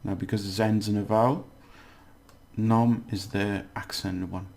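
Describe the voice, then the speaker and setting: A man giving a casual language lesson, explaining slowly and repeating words, with many fillers. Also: on the low side, steady tone, gravelly, darkish tone. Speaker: language teacher.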